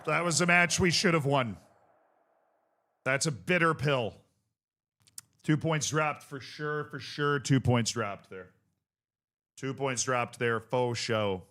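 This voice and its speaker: Bright-voiced excitable male game streamer. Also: mid-range voice, slow pace, pauses often. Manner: excitable, shouts play-by-play at the match. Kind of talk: live gameplay commentary.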